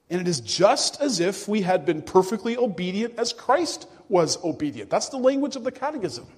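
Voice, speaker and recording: A male pastor preaching a sermon to his congregation, earnest and emphatic, with hushed drops. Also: high-pitched, husky, in a large hall. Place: church.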